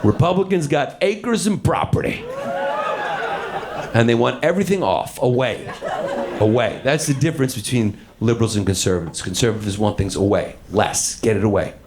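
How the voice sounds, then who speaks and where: A man doing a stand-up routine, loud and profane, jumping into shouted rants. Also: mid-range voice, expressive, moderate pace. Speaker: stand-up comedian. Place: comedy club stage. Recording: live stage with crowd laughter and ambient noise.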